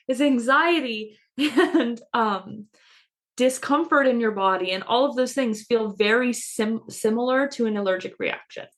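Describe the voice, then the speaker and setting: A woman co-hosting a casual spiritual podcast, chatty and self-mocking, laughing often as she talks. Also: a little high. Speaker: podcast co-host. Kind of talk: casual chat.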